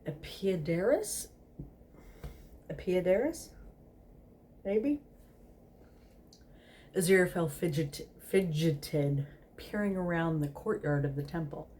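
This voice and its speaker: A woman's voice: low-pitched, unhurried, pauses often, darkish tone, a little hiss or hum. A tipsy woman host reading a story aloud in a casual, giggly way, stumbling over words.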